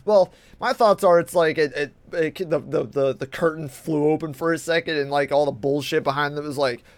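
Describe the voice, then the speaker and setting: Brief: male co-host, casual profane chat, animated, tight dry sound. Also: on the high side, moderate pace, few pauses, dry recording. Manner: animated, swears a lot, acts out voices in quotes.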